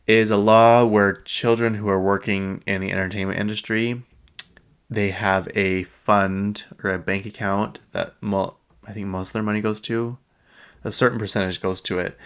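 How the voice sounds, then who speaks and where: Low gravelly guy chatting celeb gossip, lots of ums, rambles on. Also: fairly bright tone. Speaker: podcast host. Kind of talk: casual pop-culture chat.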